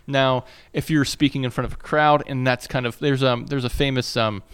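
This podcast co-host, a man in his thirties, talks at normal speed in a clean mid-range voice with fairly even intonation. His casual chat rambles, with lots of fillers and restarts, and landscaping noise can be heard outside.

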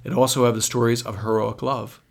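A man, a priest, telling stories as a guest on a radio talk show, animated and full of restarts. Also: medium pitch, a little fast, vocal fry. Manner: animated storytelling with many restarts. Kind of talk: radio interview.

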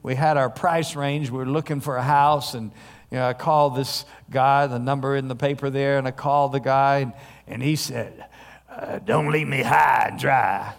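A male pastor preaching a sermon in a church, telling stories in a conversational way with frequent pauses. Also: medium pitch, flat delivery. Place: church sanctuary. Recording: long hall reverb.

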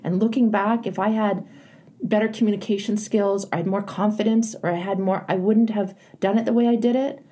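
Husky, mellow woman coaching a caller. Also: medium pitch, fairly even intonation, a little fast. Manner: earnest, emphatic, plainspoken. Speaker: advice show host.

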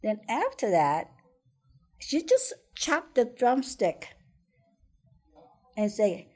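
A woman's voice: fairly high pitch, huge pitch swings, extremely slow, pauses often, a little mellow. A middle-aged woman telling a personal childhood story in conversation, hesitant, repeating words and laughing often. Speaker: interviewee.

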